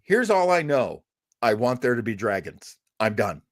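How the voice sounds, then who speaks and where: A man's voice: medium pitch, sing-song, normal speed, dry recording, clean studio sound. A man co-hosting a casual review show, rambling and stumbling over his words with fan enthusiasm. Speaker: podcast co-host.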